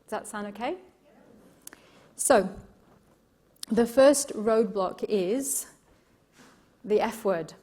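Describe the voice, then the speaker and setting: A woman's voice: medium pitch, extremely slow, pauses often. A middle-aged woman from Yorkshire with an English accent, giving a live motivational keynote as a coach, telling stories with emphatic repetition and questions to the audience. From Yorkshire, England. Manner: expressive storytelling, emphatic repetition, engages audience.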